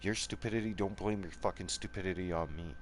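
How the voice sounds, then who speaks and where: A defiant man rants straight into the mic in a fairly low voice, cursing constantly and tacking "right?" or "okay?" onto nearly every line. There's a faint hiss of room noise behind him. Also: quick pace. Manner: profane, repetitive, keeps asking "right?" and "okay?"; angry and defiant, voice rising and falling. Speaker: gaming channel host. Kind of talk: heated monologue rant.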